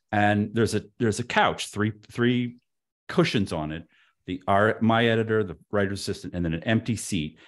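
A man in his fifties, a podcast guest telling an anecdote in an animated way, with frequent stammered restarts. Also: fairly low pitch. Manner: stammering restarts, lively and expressive.

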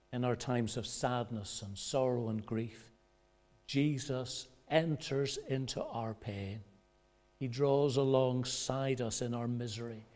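In a church, a male pastor preaches a sermon at a measured pace, using dramatic pauses for effect. Whenever he quotes other voices, his pitch and volume rise.

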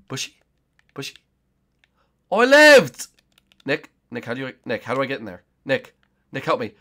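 A young man giving let's play commentary on a game, excitable and often shouting and squealing. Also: mid-range voice, moderate pace, long pauses. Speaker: gaming YouTuber.

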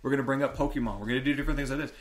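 A man's voice: medium pitch, fairly even intonation, very fast. Joking man full of likes and rights. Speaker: podcast co-host. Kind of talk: casual podcast chat.

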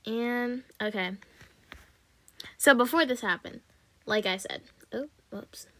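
A young woman hosting her gaming channel, narrating casual gameplay commentary in a gushing, excitable way, repeating herself and sometimes dropping to a hushed mumble. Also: on the high side, slow pace.

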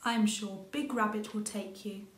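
A woman voicing a gentle, busy mother rabbit in a storybook reading, soft and patient. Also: mid-range voice, steady tone, unhurried, lightly acted. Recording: roomy echo.

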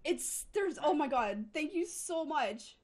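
A woman's voice: high voice, expressive, slow pace, darkish tone. A woman livestreamer, overwhelmed and close to tears, gushing thanks over and over to her chat. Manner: gushing, repeats thanks and exclamations. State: emotional, near tears. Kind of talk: overwhelmed thank-you on a live stream.

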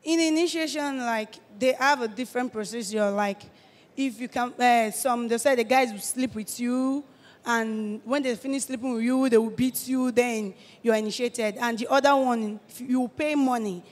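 An eighteen-year-old woman with a Nigerian accent gives a halting personal testimony, often restarting her phrases. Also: a little high, big-room sound. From Delta State, Nigeria. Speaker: testifying church guest.

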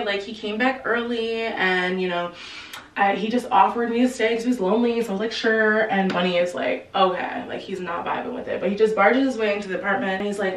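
A woman casually retelling a novel's plot in a chatty, slangy way, quickly acting out the characters' lines. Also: medium pitch, roomy sound, distant mic, slight background noise, low-quality recording. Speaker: book explainer. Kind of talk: casual book recap.

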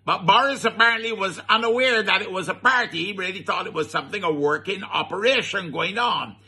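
A man's voice: sits high, a little fast, sharp tone, husky. A man with a Barbadian accent giving comic satirical commentary, chuckling and mock-scandalized, drawing out his words. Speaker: radio comedy commentator.

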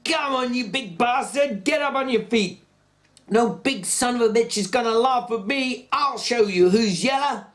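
A man acts out a short, hot-tempered young boxer in a story reading. His voice rides high and belligerent, spoiling for a fight. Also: big pitch swings, normal speed, hardly any pauses. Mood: raging. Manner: belligerent, shouting.

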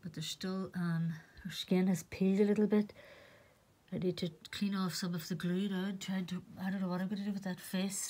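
A middle-aged woman from Northern Ireland with a Northern Irish accent, out of breath, chatting casually to camera and drifting into soft half-whispered asides. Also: fairly low pitch, steady tone, normal speed. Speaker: vlogger.

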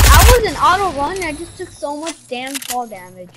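A young gamer in casual voice chat, goofy and excitable, calling everyone bro and yelling in bursts. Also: high voice, brisk, hardly any pauses, very noisy. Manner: says bro a lot.

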